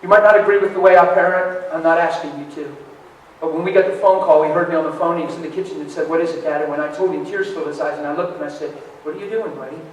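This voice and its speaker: A middle-aged man preaches with a fairly high voice, moving between near-shouts and quiet, intimate moments. He sounds distant from the microphone in a very echoey hall. A faint hiss of noise sits behind him. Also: fairly even intonation, rapid-fire. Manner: passionate, swings from shouting to hushed. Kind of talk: sermon.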